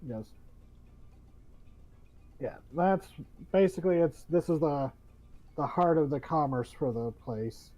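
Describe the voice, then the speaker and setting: A man's voice: a little high, lively intonation, slow pace, pauses often, mellow, dry recording. Rambling man running a tabletop game. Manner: rambling, many fillers and restarts. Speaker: game master. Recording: dull lo-fi audio.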